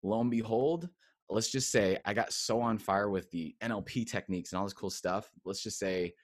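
Man, lower voice, casual, animated storyteller, acts out quotes, dry close recording. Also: normal speed, no echo. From United States. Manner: casual, expressive, acts out quotes with big swings. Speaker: guest, coach and former pastor.

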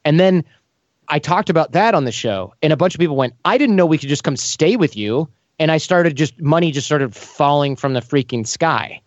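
A man in an interview, telling lively stories and acting out the voices of the people in them. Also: a little high, moderate pace, dry recording, lo-fi sound. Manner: animated, acts out quoted voices. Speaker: podcast host as guest. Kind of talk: casual storytelling interview.

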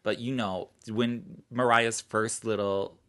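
A man co-hosts a podcast in casual chat, speaking with a lowish voice. He gushes like an eager fan and breaks into quick laughs. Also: steady tone, fairly bright tone. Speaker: podcast co-host.

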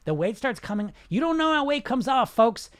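A man hosts a live-streamed casual podcast, reading live comments and addressing listeners directly in a rambling, emphatic style with frequent restarts and lots of "you know." His voice is very high and very animated, at a moderate pace.

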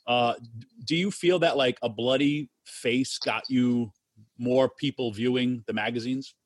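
Male interviewer, mid-pitched, casual and rambling, dry recording. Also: unhurried, no room sound. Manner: loose and rambling, many fillers.

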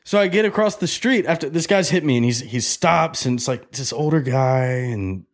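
A man casually telling a story on a podcast, animated and profane, acting out the other people in it. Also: medium pitch, normal speed. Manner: animated, profane, acts out quotes in a loud excited voice.

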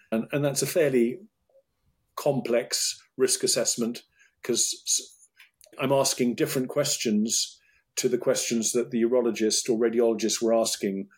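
Brief: middle-aged British doctor, husky and measured, restarts often. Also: male voice, fairly low pitch, steady tone. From United Kingdom. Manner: thoughtful, with many restarts and repeated words. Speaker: urologist guest. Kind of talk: interview conversation.

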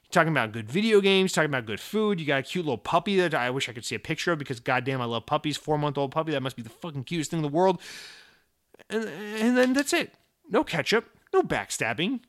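A man's voice: fairly high pitch, expressive, rapid-fire, a bit bright. A man hosting a podcast, reading listener mail and answering with profane, jokey rants of mock outrage. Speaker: podcast host.

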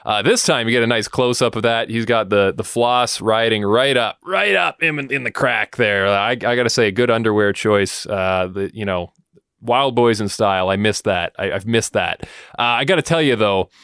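A man's voice: lowish voice, normal speed, a bit bright, clean tone, dry recording, studio quality. A man co-hosting a casual podcast chat, playful and joking in his asides. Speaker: podcast co-host.

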